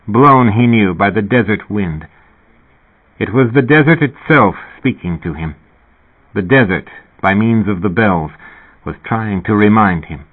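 A man narrating a novel in a measured, even reading. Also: lowish voice. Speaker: audiobook narrator. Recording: narrow, phone-like sound.

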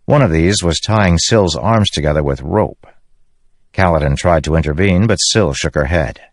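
Deep-voiced male audiobook narrator. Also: moderate pace, dry recording, studio quality. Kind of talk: scripted narration.

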